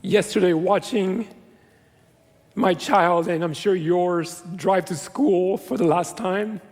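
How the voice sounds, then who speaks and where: In a large church sanctuary, a middle-aged pastor delivers his sermon in an earnest, conversational way, poking fun at himself now and then. He has a high, slightly mellow voice and takes his time. Long church-hall reverb colors the sound.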